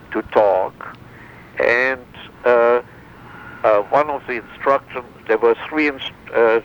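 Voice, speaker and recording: An older man, a former wartime interrogator, recounting memories in an interview, halting with many fillers and restarts. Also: medium pitch. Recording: dull lo-fi sound with faint noise.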